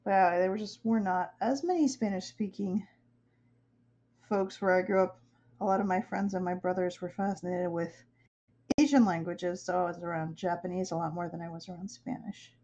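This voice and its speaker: Speaking at a moderate pace in a steady, dark, lowish voice, a young artist from upstate New York, USA, chats while she draws on stream. She rambles casually and laughs frequently.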